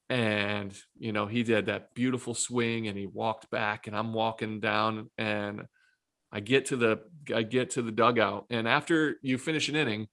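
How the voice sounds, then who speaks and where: Gravelly man telling a story. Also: medium pitch. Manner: animated anecdote telling, self-quoting. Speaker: former pitcher, podcast regular. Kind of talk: casual storytelling.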